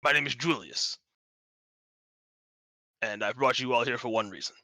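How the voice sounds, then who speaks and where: A man's voice: mid-range voice, moderate pace, no echo, clean studio sound. A man doing Julius, a curt dragonborn. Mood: solemn. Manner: curt, quiet, vague. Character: terse, stern male dragonborn, Julius.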